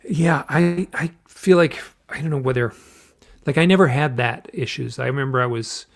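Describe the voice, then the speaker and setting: A man's voice: medium pitch, normal speed. A man as an author guest in a casual interview, rambling and searching for words over a video call.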